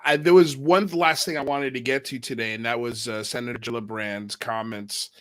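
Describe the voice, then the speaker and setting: A man's voice: mid-range voice, fairly even intonation, normal speed, a bit bright. A male host running a casual interview, joking and laughing easily. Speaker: show host.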